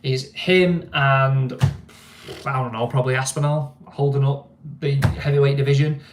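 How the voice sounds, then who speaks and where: A man's voice: mid-range voice, steady tone, moderate pace. Male host, casual sports chat, rambling and filler-heavy, roomy echo. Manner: rambling, repeats words and uses many fillers. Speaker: podcast host. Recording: echoey room, faint noise.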